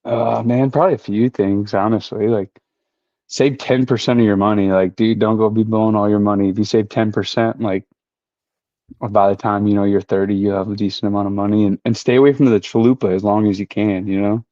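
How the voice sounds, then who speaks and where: A man's voice: on the low side, fairly even intonation, brisk, dark tone, no room sound. A man as a podcast guest, laid-back and casual, leaning on "you know" and "like". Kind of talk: casual chat. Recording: dry, dull lo-fi audio.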